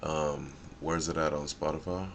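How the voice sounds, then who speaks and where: A man's voice: a bass voice, level tone, normal speed, slight background noise. A man hosting a casual live stream, chatting loosely in slang and drifting off track as he thinks aloud. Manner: rambling and easily sidetracked, thinking aloud; loose slang-filled talk.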